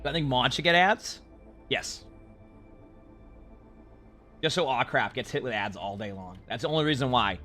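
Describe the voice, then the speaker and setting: Bright-voiced animated male streamer. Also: medium pitch, normal speed, pauses often, soft background music. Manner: animated, sarcastic, rambling with many restarts. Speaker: game streamer. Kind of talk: casual chat answering live chat.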